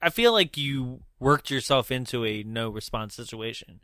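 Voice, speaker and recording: A man co-hosting a casual podcast chat, quick and jokey, laughing often. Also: mid-range voice, sharp tone, clean tone, dry recording, studio quality. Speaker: podcast co-host.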